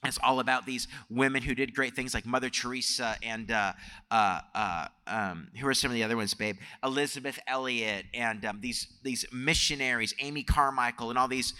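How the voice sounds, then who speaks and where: A man's voice: medium pitch, normal speed, sharp tone, clean tone. A male pastor telling family stories in a sermon and building into emphatic preaching. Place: church sanctuary. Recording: long church hall reverb.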